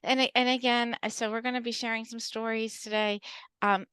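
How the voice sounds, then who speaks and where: A woman's voice: on the high side, flat delivery, brisk, fairly bright tone, clean tone, dry recording. A woman co-hosting a podcast as a medium, speaking earnestly and often restarting her phrases. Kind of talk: casual podcast chat.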